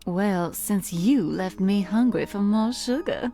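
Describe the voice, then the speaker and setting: A woman's voice: mid-range voice, slow, dark tone, faint music behind. A woman with a Southern US accent voicing a flirtatious, sweet baker in a dating game, with a sultry, affectionate drawl. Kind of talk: game voice acting.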